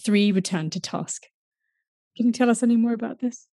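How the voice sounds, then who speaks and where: A woman's voice: fairly high pitch, mellow, no echo. Dry-sounding woman interviewer. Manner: measured, reads quotes back to the guest. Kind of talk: interview questions.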